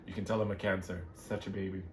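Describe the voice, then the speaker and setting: A man doing a casual tarot reading to camera, gushing and excitable about each card. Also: low voice. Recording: noisy background hiss.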